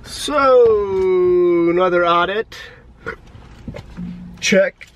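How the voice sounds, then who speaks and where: Chatty upbeat male vlogger, higher voice. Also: drawn-out words, slight background noise. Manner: chatty, upbeat, jokey asides. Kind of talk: casual daily vlog chat.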